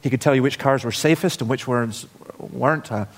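A man's voice: mid-range voice, a little fast. Scottish-based man preaching in a reverberant church. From Scotland. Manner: informal, storytelling, wry asides. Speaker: guest preacher. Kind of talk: sermon. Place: church hall. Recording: long hall reverb.

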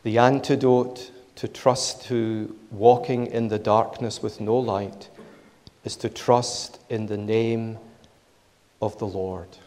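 A man preaching a sermon in a measured, emphatic way, repeating his key phrases. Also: fairly low pitch, steady tone, darkish tone, big-room sound.

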